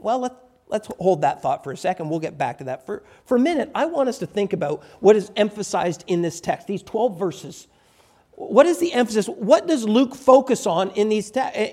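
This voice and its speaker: A pastor preaching a sermon and retelling a scripture story in an animated storytelling manner. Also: breathy edge. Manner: animated storytelling with wide pitch swings.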